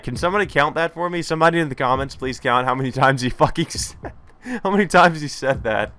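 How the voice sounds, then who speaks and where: A man's voice: a little high, quick pace, bright, forceful tone, clear, resonant tone, no room sound. A man hosting a let's play, reading a visual novel aloud with sarcastic, profane asides.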